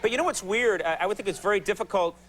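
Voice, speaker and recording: A man hosting a talk show, chatting in a jokey, self-mocking, animated way. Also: high voice, rapid-fire. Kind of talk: casual talk-show chat.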